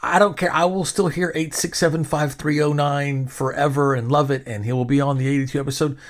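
A podcast host tells a long story in casual chat, rambling and indignant, swearing freely and restarting his sentences. His voice is on the high side, steady in tone and a little fast.

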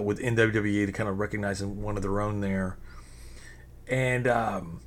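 Rambling man telling a casual story. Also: on the low side. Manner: rambling, with many fillers and restarts.

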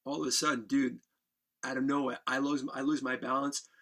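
As a podcast guest, this man races through a wild tale with casual energy, dropping swear words and laughing as he goes. His mid-range voice moves a little quickly.

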